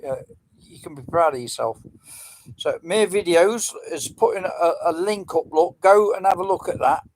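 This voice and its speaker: A man's voice: high-pitched, normal speed, slight background noise, poor audio. A middle-aged man, rambling casually as he hosts a livestream quiz and chats with viewers. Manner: chatty, rambling, answering comments.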